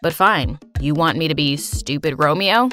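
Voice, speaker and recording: Smug, mocking teen boy for an animated story, low and dry, put on by a woman narrator. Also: moderate pace, faint music behind. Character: teasing smug teenage boy, dry and blunt.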